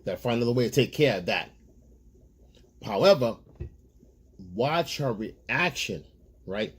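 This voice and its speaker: A man with a breathy, husky voice gives relationship advice in a loose monologue. He rambles, restarts his sentences and keeps calling his listeners "guys." His tone is easygoing and conversational. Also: mid-range voice, expressive, unhurried, long pauses. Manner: loose, rambling street-style talk addressed to "guys". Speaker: relationship coach.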